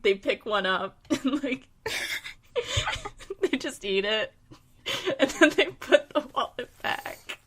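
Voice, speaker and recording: A woman's voice: high-pitched, wildly swooping pitch, slow pace, long pauses, fairly bright tone, slightly rough. A woman playing a tabletop game, describing her character's actions in a laid-back way. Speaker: player. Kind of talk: casual tabletop play.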